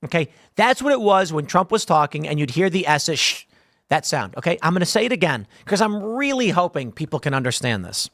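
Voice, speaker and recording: A man's voice: fairly high pitch, sing-song, brisk, fairly bright tone, no echo. A man hosting a commentary show, talking in a rambling, jokey way with lots of asides, from a studio room. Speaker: host.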